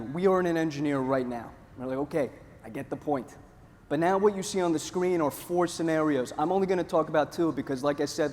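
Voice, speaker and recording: Energetic male presenter in a hall. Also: fairly high pitch. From Northeast Pennsylvania. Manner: jokey, energetic. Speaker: conference presenter. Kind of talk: conference talk. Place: large conference hall. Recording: hall reverb, faint room noise.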